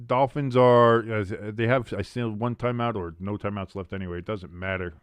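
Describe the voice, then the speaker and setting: A man's voice: fairly low pitch, steady tone, normal speed, clean tone, no echo. A man hosting a sports watch-along stream, chatting casually between play-by-play calls, rambling with fillers, restarts and casual swearing.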